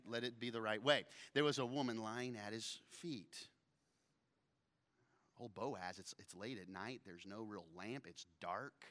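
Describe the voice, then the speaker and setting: A man's voice: fairly low pitch, slow, a bit bright, big-room sound. A man preaching a sermon in a joking, conversational way, laughing often between lines. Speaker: pastor.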